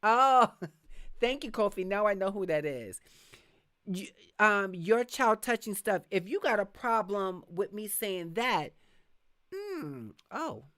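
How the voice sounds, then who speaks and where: A middle-aged woman hosting a live podcast, talking frankly and reading viewer comments, acting out quick asides as she tells stories. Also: mid-range voice. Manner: frank, animated storytelling with voiced asides. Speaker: podcast host.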